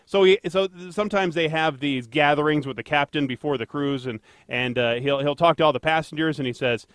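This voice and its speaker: A man with a somewhat high voice hosts a casual podcast, rambling through stories with filler words and self-deprecating jokes. The sound is dry and close, with little room around it. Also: brisk, fairly bright tone, smooth, dry recording. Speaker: podcast co-host, traffic anchor.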